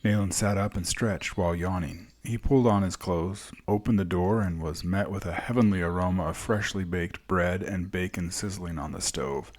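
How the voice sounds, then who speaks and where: A man reading fantasy narration in a slow, calm, descriptive way. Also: low voice. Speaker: storyteller.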